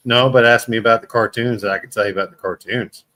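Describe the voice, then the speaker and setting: A man's voice: medium pitch, fairly even intonation, quick pace, sharp tone. Male host, easygoing banter, mid-range voice, casual panel chat. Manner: joking, bantering.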